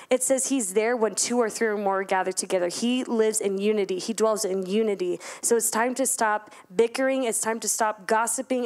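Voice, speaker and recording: A young woman giving a casual, playful sermon at a church service, joking with the congregation between points. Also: mid-range voice. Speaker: youth speaker at church service.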